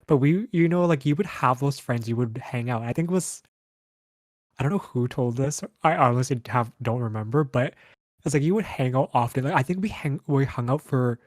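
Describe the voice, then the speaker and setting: A man's voice: mid-range voice, brisk, dry recording. A man, a podcast co-host, telling a story in casual chat, hesitant and rambling.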